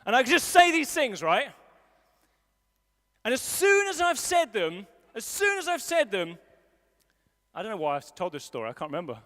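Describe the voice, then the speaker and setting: His pitch is very high and swoops wildly, and he speaks at normal speed with long pauses in a bright, forceful tone. This is a pastor from England giving a sermon in a large school hall that has long reverb, poking fun at himself as he mimics a grumpy mutter and his wife's fussing.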